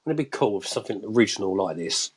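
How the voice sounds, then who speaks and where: A man's voice: fairly low pitch, animated, quick pace, breathy edge. A man joining a live online show as a guest by phone, talking in a rambling, chatty way with many restarts. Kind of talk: casual chat on a live show.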